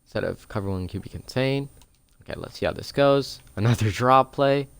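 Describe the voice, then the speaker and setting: A young man casually explaining a football video game's defensive plays step by step, chatty and relaxed, recorded at home on a close desk mic. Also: mid-range voice, brisk, vocal fry, smooth, dry recording. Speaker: gaming video creator. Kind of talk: casual gameplay tutorial.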